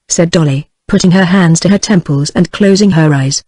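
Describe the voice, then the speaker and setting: A text-to-speech female voice with a British English accent, reading a novel aloud in an even, steady delivery. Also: on the low side, normal speed, few pauses, no room sound, poor audio. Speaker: audiobook narrator. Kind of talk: synthetic audiobook narration.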